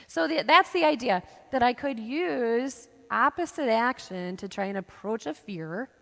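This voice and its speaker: Woman counselor, gravelly voice, mid pitch, lively teaching talk with frequent "right?", church hall reverb. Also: a little slow. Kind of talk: church presentation.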